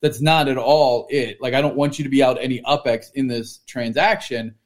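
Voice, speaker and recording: A man's voice: mid-range voice, fairly even intonation, normal speed. A man co-hosting a podcast in casual chat, talking in a joking, rambling way full of "like". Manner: chatty and joking, heavy use of "like". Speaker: podcast co-host.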